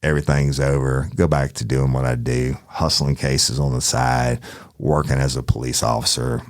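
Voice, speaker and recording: A man's voice: extremely low pitch, level tone, normal speed, dry recording, studio quality. A man telling a true crime story in a casual, profane way, speaking directly to his listeners.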